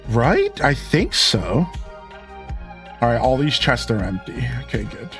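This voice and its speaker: A man's voice: mid-range voice, wildly swooping pitch, a little slow, music in the background. A young man streaming a game, chatting casually and retelling a story with lots of fillers. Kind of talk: casual chat while playing.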